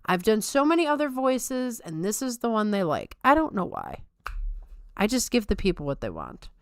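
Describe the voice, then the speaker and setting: Smooth casual woman podcast host. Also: a little high, huge pitch swings, normal speed, no echo, clean studio sound. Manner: rambling, self-mocking, playful Valley Girl lilt. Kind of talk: casual chat.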